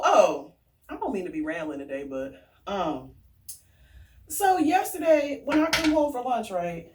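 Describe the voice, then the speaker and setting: A woman vlogger telling stories and ranting in a casual, animated way, swearing freely. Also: on the low side, recorded from a distance. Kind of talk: casual storytelling rant.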